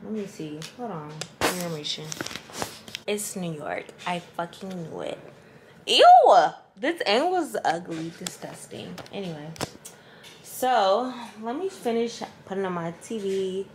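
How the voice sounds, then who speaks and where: A lifestyle vlogger talks casually into a handheld phone camera from her bedroom, chatty and slangy and swearing freely. Her voice is on the low side and a little slow, and the room is echoey with faint background noise.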